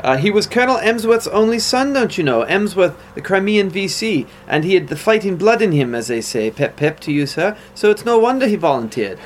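A man's voice: high-pitched, very animated, a little fast, hardly any pauses, slight background noise, voice pushed up. A man voicing an earnest young ex-soldier in a hammy, mock-posh, old-fashioned way. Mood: earnest pleading.

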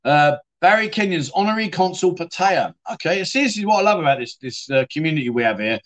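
A man's voice: a little high, expressive, fast, fairly bright tone. A man hosting a casual livestream, chatting and reading out viewer comments in a rambling way, often saying "mate.". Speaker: livestream host.

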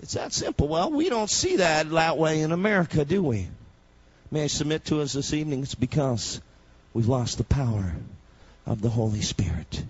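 Husky, impassioned male preacher. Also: fairly high pitch, very animated, normal speed, muffled recording. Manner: impassioned, rising to shouts. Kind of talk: sermon.

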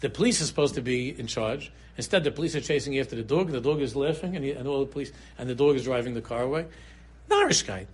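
Animated husky rabbi yeshiva English. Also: male voice, fast talker. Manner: animated storyteller, swings between low murmurs and sudden high exclaims. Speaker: rabbi giving a Torah class. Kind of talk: Purim shiur sermon.

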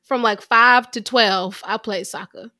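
A woman's voice: medium pitch, measured pace, sharp tone. A young adult woman co-hosting a film review podcast, chatting casually with a playful, teasing manner and easy laughter. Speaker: podcast co-host.

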